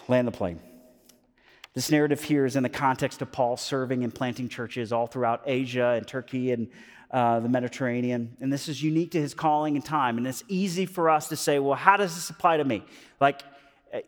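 A male pastor giving a sermon, telling stories in an animated way with lots of fillers, moving between loud and hushed. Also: mid-range voice. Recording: long hall reverb.

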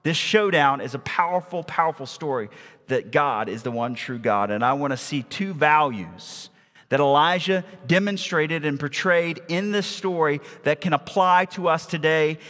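A man's voice: fairly high pitch, normal speed, fairly bright tone, big-room sound. A male pastor preaching in a church, reading a Bible story aloud and acting out the quoted lines with dramatic emphasis. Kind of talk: sermon with scripture reading. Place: church sanctuary.

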